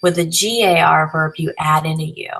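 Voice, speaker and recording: A woman's voice: low-pitched, steady tone, moderate pace, fairly bright tone, rough recording. A woman teacher explaining grammar patiently, step by step, spelling out letters as she goes. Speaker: Spanish teacher. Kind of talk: recorded grammar lesson.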